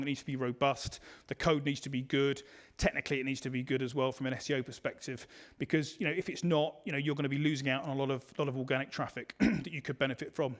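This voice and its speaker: A man presenting a digital marketing webinar in a conversational way, full of fillers and restarts. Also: mid-range voice. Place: online webinar.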